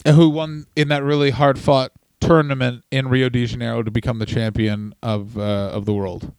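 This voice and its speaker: A man's voice: mid-range voice, little pitch movement, normal speed, a little mellow, clear, resonant tone, dry recording. A man co-hosting a comedy podcast in casual chat, cracking dry sarcastic quips. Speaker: podcast co-host.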